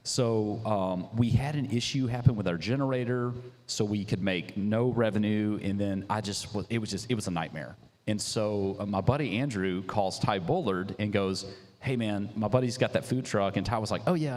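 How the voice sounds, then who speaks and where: A young man, a coffee business founder, telling his story in a casual interview, animated and slangy, acting out what people said. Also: fairly low pitch, moderate pace. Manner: animated, slangy, acts out quotes. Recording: reverberant hall.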